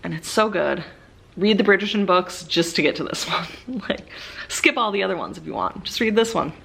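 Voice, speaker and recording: A woman's voice: mid-range voice, very animated, moderate pace, gravelly, a bit bright, a little hiss or hum. A young woman casually rambling about her favorite books as a book vlogger, with many fillers and eager bursts.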